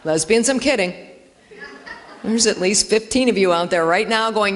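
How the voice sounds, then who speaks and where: A woman's voice: medium pitch, normal speed, pauses often. A woman doing a chatty, self-mocking stand-up set in a church hall, acting out dialogue in funny voices. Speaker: stand-up comedian. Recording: live in a reverberant hall.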